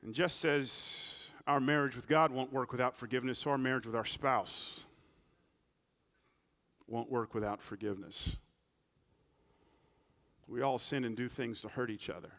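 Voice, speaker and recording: A man preaching a sermon, swinging between big loud climaxes and quiet, humorous storytelling asides. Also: mid-range voice, steady tone, normal speed, pauses often. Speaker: pastor.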